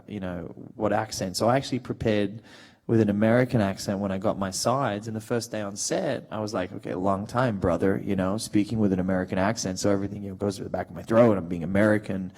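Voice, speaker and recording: An Australian man in his thirties, an actor telling animated stories on a fan panel. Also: on the low side. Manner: animated storyteller, many fillers. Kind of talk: anecdotal panel talk.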